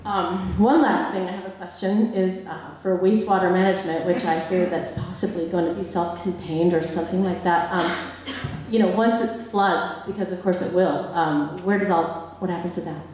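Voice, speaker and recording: A woman's voice: lowish voice, fairly even intonation, moderate pace, darkish tone. A woman speaks with earnest emotion at a public hearing. Her voice carries from a distance across a large, heavily echoing hall with faint background noise. She sounds close to tears but keeps going. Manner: emotional, earnest, laughs nervously. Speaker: public commenter. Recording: echoey hall, voice from far off.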